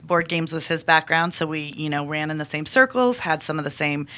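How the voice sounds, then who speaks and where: A woman's voice: sits low, brisk, bright, forceful tone. A woman guest on a podcast, talking casually and rambling with lots of fillers and restarts. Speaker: guest, toy company salesperson.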